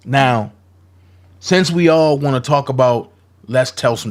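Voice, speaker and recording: A man's voice: medium pitch, slow pace. A man giving confrontational, profane commentary, calling people out in a heated rant. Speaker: commentary vlogger.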